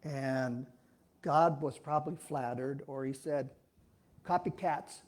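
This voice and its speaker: A man's voice: medium pitch, steady tone, takes it slowly, a little hiss or hum. A man giving an informal, folksy sermon at a church, talking in a rambling way with frequent restarts. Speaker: speaker giving a talk at a church.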